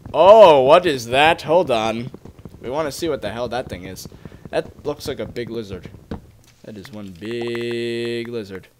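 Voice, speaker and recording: A young man talks his viewers through a game in a loose, chatty way, his pitch leaping up when something catches his eye. His voice sits at an everyday middle pitch, with a faint hiss under the recording. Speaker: Let's Play gamer. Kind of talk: casual gameplay commentary.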